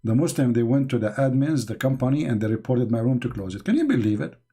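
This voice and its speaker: A man's voice: medium pitch, lively intonation, quick pace, dark tone, slightly rough. A man from the Middle East with an Arabic accent, a native Arabic speaker, hosting a live stream and mocking comments from the chat with sarcasm. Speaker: online show host.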